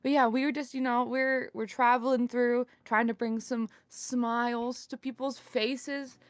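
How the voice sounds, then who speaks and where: A woman's voice: on the high side, level tone, unhurried, smooth, no echo, soft background music. A woman playing a tabletop game, voicing a chatty, apologetic circus troupe leader who rambles and slips into a slight southern twang. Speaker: player. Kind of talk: in-character tabletop role-play.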